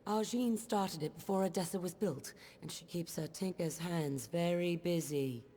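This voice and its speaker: A woman's voice: fairly low pitch, moderate pace, dark tone, close to an everyday voice. A woman voicing a solemn, devout traveler. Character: solemn female traveler devoted to a seer.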